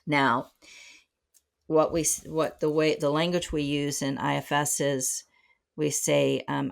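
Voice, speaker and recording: A woman's voice: deep voice, little pitch movement, slow, gravelly. A middle-aged woman speaking as a psychotherapist guest on a podcast, reflective and full of fillers and restarts. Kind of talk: conversational podcast interview.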